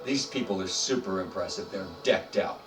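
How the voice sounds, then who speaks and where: A man running a tabletop game as game master, narrating in a chatty, halting way with many fillers. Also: sits low. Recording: roomy, distant mic, faint music.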